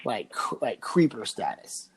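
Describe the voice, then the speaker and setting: A man's voice: mid-range voice, very animated, measured pace, a little hiss or hum, low-quality recording. Rambling young man telling a story. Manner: rambling, full of fillers and restarts, swearing. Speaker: podcast co-host. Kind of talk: casual storytelling chat.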